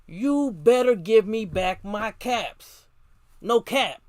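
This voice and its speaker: A man voicing an angry grown peddler who scolds and shouts his demands while reading a storybook aloud. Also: high-pitched, takes it slowly, no echo, clean studio sound, voice pushed up, full character voice.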